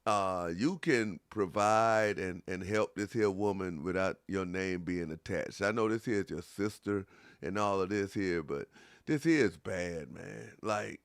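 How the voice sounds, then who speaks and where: A man's voice: sits low, measured pace, no echo, studio quality. A man hosting a call-in show, commenting on a clip in a casual, slangy, mocking and scolding way.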